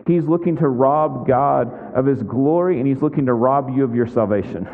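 A pastor preaches a sermon conversationally, often breaking off with asides that address his listeners with questions. His medium-pitched voice keeps a moderate pace with few pauses. The recording is tinny and lo-fi, made in a big echoing hall.

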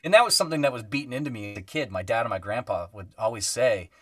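Animated man telling stories. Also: mid-range voice, fast talker, dry recording, clean studio sound, far from the mic. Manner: animated storyteller, acts out quoted voices, many fillers. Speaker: guest musician. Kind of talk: casual podcast storytelling.

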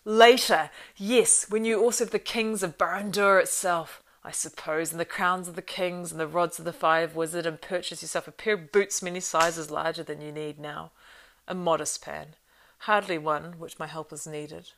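Lady voicing a bitter old wizard, scornful, gravelly, voice shoots up high. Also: fairly even intonation, moderate pace, hardly any pauses, a bit bright. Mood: raging. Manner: sneering, rising to screams. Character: bitter, furious fallen old male wizard.

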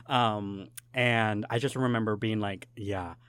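A young man co-hosting a podcast, telling an animated story with lots of laughs and fillers. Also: mid-range voice, measured pace, no room sound. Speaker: podcast co-host. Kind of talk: casual chat, storytelling.

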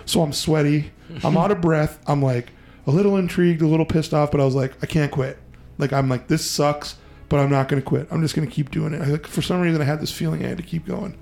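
A man hosting a podcast, telling a story in a casual, profane, animated way and acting out the voices he quotes. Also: fairly high pitch, fast talker, gravelly, soft background music. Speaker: podcast host.

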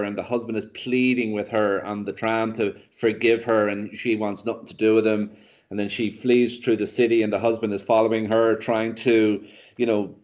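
Low-voiced man rambling through a film recap. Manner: rambling, animated retelling with many fillers and restarts. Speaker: podcast co-host reviewing films. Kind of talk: casual chat.

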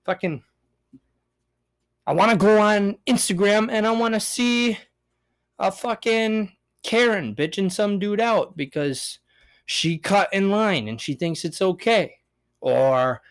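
A young man hosting a casual solo podcast, ranting in a profane, rambling way with big swings in pitch and loudness. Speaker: podcast host.

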